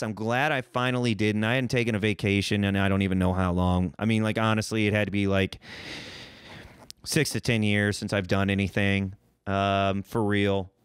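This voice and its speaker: A man's voice: lowish voice, fairly bright tone, smooth, dry recording, studio quality. A man from Missouri hosting a solo podcast, rambling and joking with a profane, self-mocking streak. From Missouri, United States. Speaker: podcast host.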